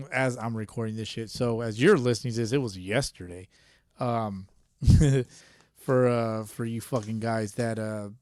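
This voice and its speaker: A man's voice: mid-range voice, darkish tone, no room sound, studio quality. A man hosting a solo podcast in a casual, rambling rant, profane and laughing often, a little tipsy. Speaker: podcast host.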